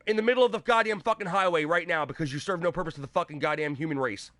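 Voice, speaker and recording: A man hosting a live gaming show on a headset mic, ranting angrily with constant swearing and bursts of shouting. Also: sits high, very fast, few pauses, no echo. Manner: angry, profane, shouting at times.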